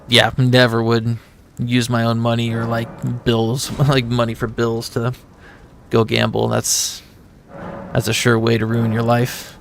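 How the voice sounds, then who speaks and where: A man's voice: mid-range voice, monotone, measured pace, gravelly, slight background noise. A man telling a long rambling story to his viewers as he plays a game live. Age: adult with a son. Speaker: gaming streamer. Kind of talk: casual chat while playing a game.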